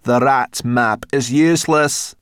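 A man voicing a grumpy, sharp-nosed female forest creature in a storybook, blunt and suspicious. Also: mid-range voice, takes it slowly, smooth, dry recording, studio quality, pitched above the performer's own voice.

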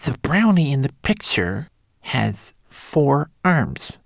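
A man's voice: medium pitch, sing-song, gravelly, no room sound, clean studio sound, voice pushed up, exaggerated voice. A man voicing a tiny, nervous male homunculus who whispers translations, in a storybook reading. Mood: eager. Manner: whispering translator, quick and eager.

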